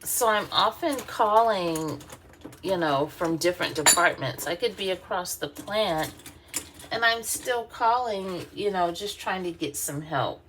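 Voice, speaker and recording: Lady chatting on her vlog, laughs a lot, real lively voice. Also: fairly low pitch, unhurried, slight background noise. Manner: chatty, laughs often, many fillers. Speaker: vlogger. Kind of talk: casual storytelling while doing her hair.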